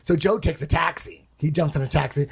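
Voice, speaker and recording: A man's voice: a little high, steady tone, a little fast, vocal fry, slightly rough. A man telling a long story on a podcast in a casual, rambling way, swearing often and repeating himself. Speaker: podcast guest.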